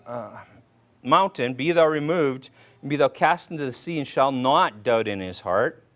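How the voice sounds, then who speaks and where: A man's voice: mid-range voice, fairly bright tone. A man preaching a conversational sermon, quoting old-style scripture and often checking in with "right?" as he talks. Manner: informal, repeats "right?" often, restarts words; quotes King James scripture aloud. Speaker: pastor.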